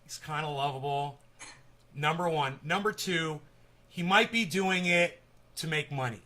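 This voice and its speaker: A man hosts a casual live-stream interview, rambling through his opinions in a chatty way. His voice is bright and a little higher than most men's. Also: unhurried.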